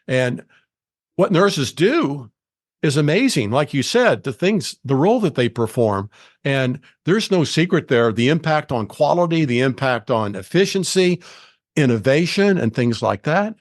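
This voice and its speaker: Measured middle-aged male podcast host. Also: on the high side, sing-song, dry recording, clean studio sound. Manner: measured, explanatory, with small restarts. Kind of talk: conversational interview.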